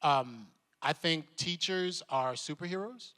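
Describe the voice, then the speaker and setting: A man telling stories at a convention panel, lively and laughing, acting out the voices of the people he quotes. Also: a little high, measured pace, slight background noise. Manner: animated, laughing, acts out voices. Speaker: convention panel guest, actor. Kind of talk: animated storytelling at a convention panel. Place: convention hall. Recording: long hall reverb.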